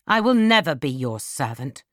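A woman voicing a rough, sullen young farm man of eighteen who speaks curtly and rudely. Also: deep voice, sing-song, moderate pace, no echo, studio quality. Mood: angry. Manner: curt and rude.

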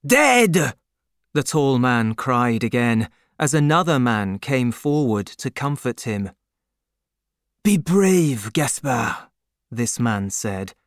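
A narrator reading a chapter of a novel aloud in a measured, expressive storytelling manner. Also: medium pitch, clean tone, dry recording, studio quality. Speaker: audiobook narrator. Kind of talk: scripted narration.

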